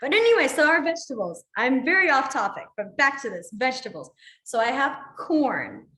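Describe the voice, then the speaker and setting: A woman's voice: sits high, sing-song, brisk, a bit bright, echoey room. A young woman teaching a sign language class online, chatty, apologetic and easily sidetracked, laughing often.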